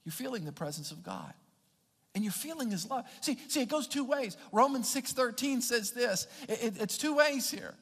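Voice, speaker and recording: A man's voice: very high-pitched, animated, normal speed, fairly bright tone, slightly rough, in a large hall. A man preaching as a pastor, emphatic, often repeating words and restarting his phrases. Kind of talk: sermon.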